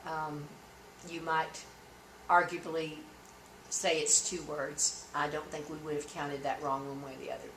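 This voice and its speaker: A woman teaching transcription, dictating slowly with punctuation spoken aloud, then stopping to explain formatting rules. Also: deep voice, level tone, a bit bright, reverberant, a little hiss or hum, low-quality recording. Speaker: court reporting instructor.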